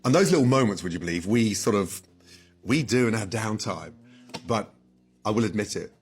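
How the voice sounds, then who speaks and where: A man's voice: on the low side, lively intonation, moderate pace. A man frankly admitting a failure in a show clip. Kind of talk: conversational admission.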